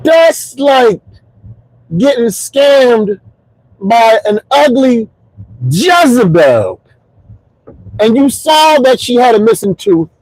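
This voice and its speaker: A comedian in his forties riffs through a stand-up style monologue from his car, his voice sitting high for a man. He delivers jokes in an animated way, punching punchlines with sudden shouts. The sound is dry and close. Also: takes it slowly, pauses often, no echo, poor audio. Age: 40s. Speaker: comedian and podcast host. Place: in his car while commuting home.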